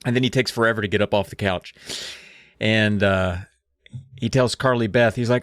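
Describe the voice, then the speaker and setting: A man co-hosting a comedy podcast, retelling a story with lively delivery. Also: lowish voice, normal speed, clean tone, dry recording, studio quality. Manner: animated, laughing storyteller. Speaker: podcast co-host.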